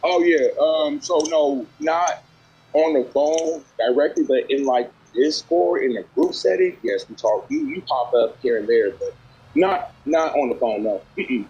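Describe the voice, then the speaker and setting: A man's voice: fairly high pitch, measured pace, a little mellow, muffled recording, a little hiss or hum. A man on a group call explaining himself at length, rambling with restarts and filler words, audibly emotional. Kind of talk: heated personal explanation.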